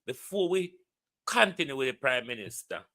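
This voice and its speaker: A man's voice: mid-range voice, very animated, moderate pace, sharp tone, dry recording. A Jamaican man vlogging heated political commentary, ranting bluntly and swearing freely.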